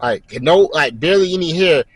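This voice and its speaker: A man's voice: fairly high pitch, normal speed, slightly rough, rough recording. A young man telling a casual story, swearing a lot and acting out the voices of the people in it. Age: young adult. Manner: animated, swearing, slangy, acts out voices and yells mid-story.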